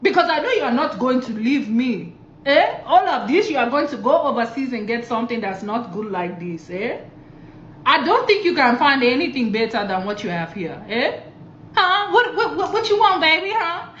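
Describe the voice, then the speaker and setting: A woman's voice: sits high, sing-song, normal speed, fairly bright tone, roomy sound, slight background noise. A woman voicing a brash, pushy woman in a put-on Vietnamese accent, speaking broken English and firing off mocking questions. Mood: teasing. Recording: dull lo-fi clip audio.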